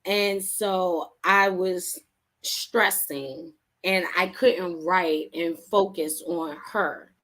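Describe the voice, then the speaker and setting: An author appearing as an interview guest, this woman has a lowish voice and talks extremely slowly. Her account is casual and animated, with frequent laughs and acted-out voices for the people she quotes.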